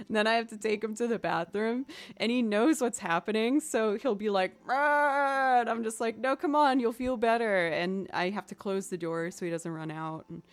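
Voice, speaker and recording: A woman musician chats casually with her stream audience, telling a story with playful, animated energy. Her voice sits at an ordinary middle pitch, and soft instrumental music plays faintly behind her. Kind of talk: casual chat.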